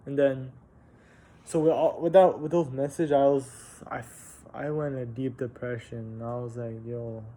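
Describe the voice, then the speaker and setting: A young man casually telling a personal story on a vlog, halting and candid, with frequent restarts, fillers and casual swearing. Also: medium pitch, fairly even intonation, mellow. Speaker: vlogger.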